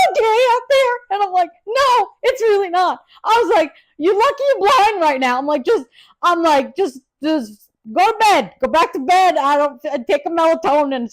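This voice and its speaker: A woman hosting a podcast, telling a wild story in a casual, profane rant, swinging from loud and laughing to low, quiet asides. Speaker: podcast host.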